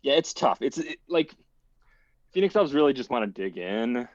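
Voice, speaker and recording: A man's voice: medium pitch, very animated, normal speed, no room sound, muffled recording. A man, a game player, recapping his match in a post-game interview, hesitant and self-critical, speaking over an online call.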